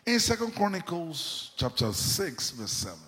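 A man preaching a sermon with fervor, swinging between sudden shouts and hushed asides. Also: fairly high pitch, sing-song, normal speed, long reverb tail. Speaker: pastor. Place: church.

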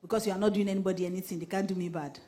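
A woman pastor with a Nigerian accent, preaching a sermon in an animated, repetitive style that slips into pidgin. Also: medium pitch, racing. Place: church.

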